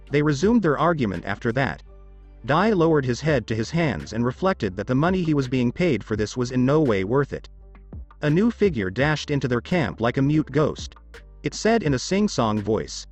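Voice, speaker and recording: A man narrating fan fiction in an expressive storytelling read. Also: mid-range voice, normal speed, faint music behind.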